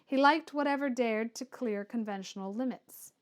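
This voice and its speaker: A woman narrating a classic novel in a measured, even storytelling manner. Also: a little high, clean tone. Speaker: audiobook reader. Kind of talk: reading a classic novel aloud.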